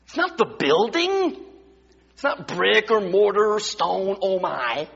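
Male preacher, husky high voice, dramatic sermon delivery, recorded dull in a reverberant church. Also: big pitch swings, takes it slowly. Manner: dramatic, swings from hushed whispers to loud exclamations. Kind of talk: sermon with storytelling. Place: church sanctuary.

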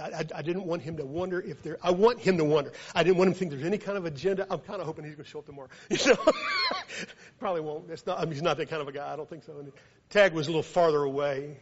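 A man with a Southern accent preaches, drifting into a lively story and swinging between quiet asides and loud bursts. His voice sits high for a man. The recording sounds dull and lo-fi. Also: fast, breathy edge. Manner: animated, builds from quiet to loud when telling a story. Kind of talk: storytelling sermon.

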